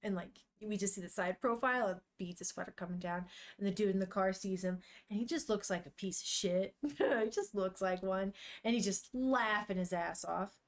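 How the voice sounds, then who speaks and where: A woman's voice: mid-range voice, normal speed. A young woman on a live stream, chatting casually with viewers while reading a manga aloud and swearing now and then. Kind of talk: casual live-stream chat and read-along.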